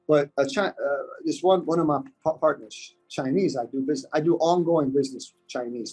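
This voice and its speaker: A man's voice: medium pitch, a little mellow, slightly rough, low-quality recording. A man from the United States, a podcast guest talking in a casual interview, earnest and repeating his points for emphasis.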